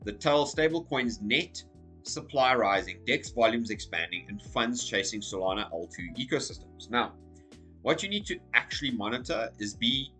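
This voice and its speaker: A man with a hoarse, croaky voice talking casually through crypto market commentary, energetic and checking in with "okay?" as he goes. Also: mid-range voice. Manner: energetic, repeats okay and so as you can see. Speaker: crypto YouTuber.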